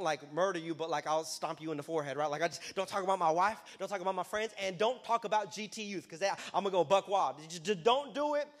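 Youth pastor guy preaching, casual talk then loud bursts, voice a bit high, big echoey hall. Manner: energetic, conversational, with sudden loud emphatic bursts. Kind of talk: sermon. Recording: long hall reverb.

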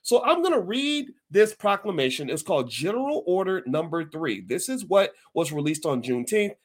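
A man hosting his own podcast, talking to listeners in a folksy, emphatic, animated way and often restarting his sentences. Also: high voice, moderate pace. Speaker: podcast host. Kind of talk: casual commentary to listeners.

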